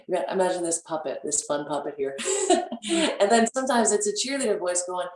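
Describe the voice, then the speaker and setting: A woman guest on a radio talk show, speaking casually and playfully, acting out inner voices with big jumps in pitch. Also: big pitch swings, normal speed, a little mellow. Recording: echoey, distant from the mic.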